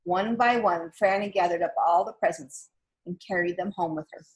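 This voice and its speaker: Reading aloud from a children's picture book, a woman tells the story gently and expressively. Her voice sits fairly low in pitch, and she keeps to a normal speed.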